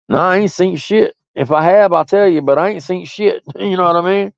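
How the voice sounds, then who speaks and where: A man's voice: high-pitched, brisk, gravelly, hardly any pauses, no room sound, dull audio. Profane, mocking man ranting on stream. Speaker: stream host. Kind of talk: ranting monologue.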